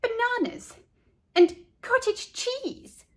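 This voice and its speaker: Woman putting on a shrill disgusted little girl. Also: expressive, slow pace, fairly bright tone, heavily acted. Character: disgusted young girl classmate.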